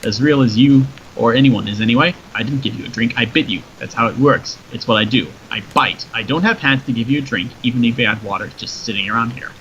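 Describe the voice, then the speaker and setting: A man's voice: mid-range voice, fast, few pauses, a bit bright, lightly acted. Nate, a joking desert rattlesnake, read by a man. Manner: chatty, joking, matter-of-fact. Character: wry talking rattlesnake granting wishes, male. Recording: dull lo-fi with faint noise.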